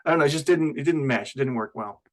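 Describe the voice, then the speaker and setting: A man's voice: medium pitch, fast talker. A man co-hosting a podcast, chatting casually and laughing easily. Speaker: podcast co-host.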